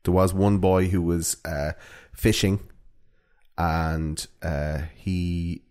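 Low-voiced man rambling on a podcast. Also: fairly even intonation, takes it slowly, darkish tone. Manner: rambling, lots of fillers. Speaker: podcast host. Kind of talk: casual true-crime podcast chat.

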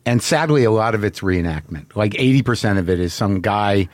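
A man with a lowish, animated voice hosts a casual podcast interview at a brisk pace, recorded without echo. He rambles, restarts often, and swears a lot.

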